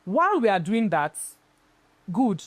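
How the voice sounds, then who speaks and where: A woman's voice: mid-range voice, measured pace, no echo. Emphatic woman guest. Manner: emphatic, animated storytelling. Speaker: event planner guest. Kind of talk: casual interview chat.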